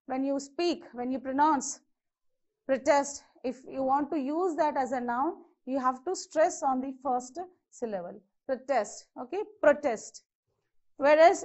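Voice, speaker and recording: A patient woman English teacher with a high voice gives a classroom grammar lesson, repeating words and checking in with "okay." The lo-fi recording sounds slightly muffled and dull.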